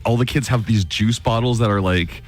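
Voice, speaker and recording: A man's voice: lowish voice, moderate pace. A man co-hosting a radio show, asking quizzical questions in casual banter. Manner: lively, quizzical. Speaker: radio co-host.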